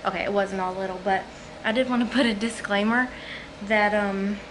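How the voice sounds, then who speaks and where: A breathless woman talks casually to her camera at home, wandering from point to point and filling pauses with ums and likes. Her voice sits at an ordinary middle pitch, and a steady hum of room noise comes through behind her. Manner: chatty, rambling, many ums and likes. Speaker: home vlogger. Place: at home, living room or kitchen.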